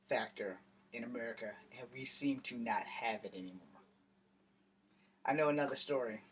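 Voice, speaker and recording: A man telling a story in a casual vlog rant, blunt and heavy on profanity. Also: mid-range voice. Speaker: vlogger. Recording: distant mic with faint ambient noise.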